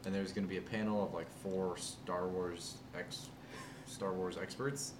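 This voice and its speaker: Low-voiced young man, distant and noisy. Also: steady tone, moderate pace, roomy sound. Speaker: podcast co-host. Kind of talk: casual chat. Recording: noisy, set back from the mic.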